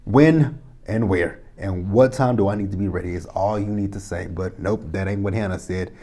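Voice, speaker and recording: A man in his thirties recaps a TV drama episode in a loose, rambling way, full of profanity and exasperated asides. His voice sits low and sounds warm and mellow. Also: normal speed. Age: 30s. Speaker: TV episode reviewer. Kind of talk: casual recap and commentary.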